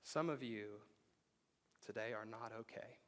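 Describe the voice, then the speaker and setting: A pastor preaching to his congregation in a church sanctuary. His voice sits a little low, and his delivery is loose and conversational. He drops to a near-hush when he wants a line to land. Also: measured pace. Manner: conversational, drops to a hushed voice for emphasis. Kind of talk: sermon.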